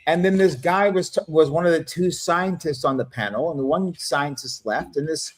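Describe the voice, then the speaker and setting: A man's voice: a little high, moderate pace. A man in casual, profane chat on a livestream, rambling through stories and laughing at his own jokes. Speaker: livestream panel guest.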